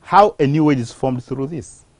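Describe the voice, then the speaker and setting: A teacher giving a slow, deliberate televised English grammar lesson, posing questions to the class and answering them. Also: medium pitch, dry recording.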